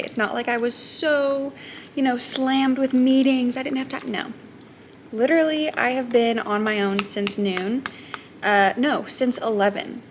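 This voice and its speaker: Chatty woman teacher vlogging. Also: a little high. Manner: chatty, self-deprecating, laughs often. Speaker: high school math teacher. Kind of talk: casual vlog chat. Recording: noticeable background noise.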